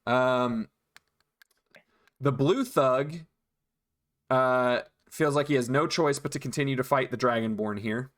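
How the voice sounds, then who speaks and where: Male game master, mid-pitch, relaxed narration full of ums and restarts. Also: measured pace, long pauses. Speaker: dungeon master.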